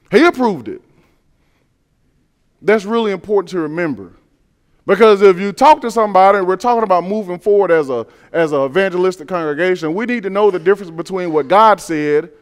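High, clear-voiced male preacher. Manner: emphatic, repeats phrases, asks rhetorical questions. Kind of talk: sermon.

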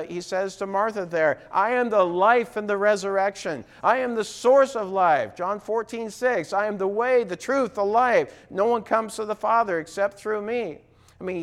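Earnest preacher man, slightly high voice. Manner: earnest preaching with rising emphasis and asides; acts out quoted voices in dialogue. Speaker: pastor. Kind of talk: sermon.

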